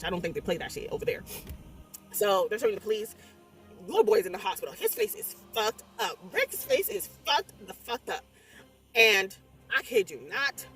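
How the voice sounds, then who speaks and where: Profane, animated young woman. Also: medium pitch, recorded from a distance. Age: young adult. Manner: animated, swears constantly, exclaims mid-story. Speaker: movie reviewer. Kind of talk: casual rambling movie recap. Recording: voice a bit off-mic, faint music behind.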